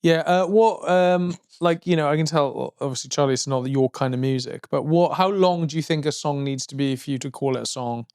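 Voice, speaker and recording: A man co-hosting a podcast, chatting in a rambling, jokey way and breaking into high yelps. His voice sits fairly high, recorded close and dry with no room sound at all. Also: fairly quick, few pauses, a little mellow, clear, resonant tone, no echo. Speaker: podcast co-host. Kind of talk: casual chat.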